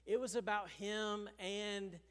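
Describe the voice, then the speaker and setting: High-voiced preacher in a reverberant sanctuary. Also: male voice, slow, clean tone. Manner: animated preaching, chuckling, acts out quotes. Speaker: pastor. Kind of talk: sermon.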